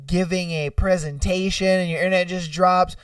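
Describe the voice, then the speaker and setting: A man's voice: high-pitched, fairly even intonation, normal speed, clean tone, no room sound, studio quality, recorded from a distance. A man hosting a podcast, chatting casually and profanely, laughing often and acting out silly scenarios. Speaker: podcast host. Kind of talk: casual solo commentary reading listener ideas.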